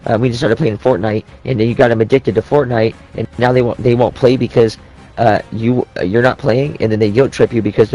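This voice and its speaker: A man's voice: mid-range voice, fairly even intonation, fast talker, warm tone, soft background music. A young man ranting as he retells an argument with friends, swearing often and acting out what each person said. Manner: profane, rambling, heated retelling of quoted dialogue. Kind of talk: ranting storytelling.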